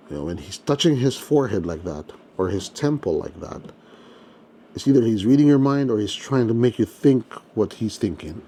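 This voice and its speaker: A man's voice: lowish voice, mellow, slight background noise. Chatty man unboxing toys. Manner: chatty, playful, jokey. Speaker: toy collector host. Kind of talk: casual unboxing commentary.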